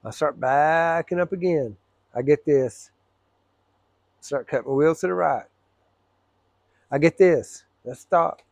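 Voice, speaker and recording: High, gravelly truck driver telling a story. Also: male voice, slow, long pauses, no echo. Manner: animated, profane, acts out both sides of an argument. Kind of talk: casual storytelling to camera.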